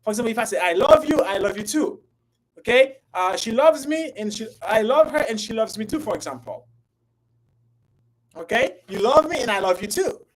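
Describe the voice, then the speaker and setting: A woman with a fairly high voice teaches English in a live class. She coaxes her students and repeats her questions. Her delivery is playful and lively, and her volume rises and falls. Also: low-quality recording. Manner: playful, coaxing, repeats herself often; lively, swings between loud and soft. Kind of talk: live online language class.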